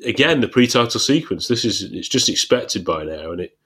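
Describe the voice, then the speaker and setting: A man's voice: on the low side, animated, a little fast, fairly bright tone, husky. A man hosting a casual podcast chat, jokey in manner.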